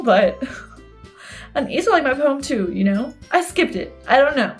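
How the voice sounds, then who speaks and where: A woman's voice: fairly high pitch, animated, moderate pace, faint music behind. A young woman giving casual let's play commentary, reacting to the story and laughing often. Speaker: gaming video creator.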